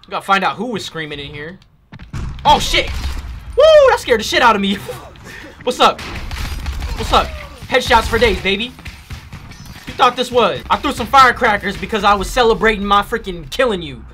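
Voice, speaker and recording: A man playing a video game and commenting live, excitable and loud, trash-talking enemies and swearing when scared. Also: sits high, normal speed, pauses often, faint music behind. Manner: trash-talks enemies in a playful street tone. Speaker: gaming YouTuber. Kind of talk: let's play commentary.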